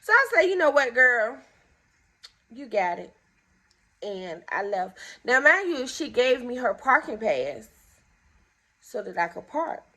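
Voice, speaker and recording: A woman's voice: on the high side, slow pace, pauses often. A young woman telling a story time to her viewers in a casual, indignant way, acting out both sides of each exchange. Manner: animated, acts out both sides of conversations; indignant, exasperated.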